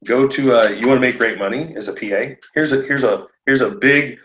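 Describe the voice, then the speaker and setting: A man talking shop as a podcast guest, animated and laughing often as he acts out conversations. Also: mid-range voice, brisk. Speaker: podcast guest, roofing contractor. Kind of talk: casual podcast chat. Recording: echoey room, dull lo-fi sound.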